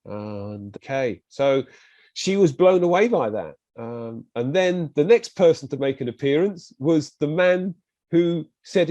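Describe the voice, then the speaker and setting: There's no room sound as a British man, a guest on a podcast, unhurriedly relates his story in a slightly high voice. He speaks British English, tells it vividly and casually, and acts out others' words in animated bursts.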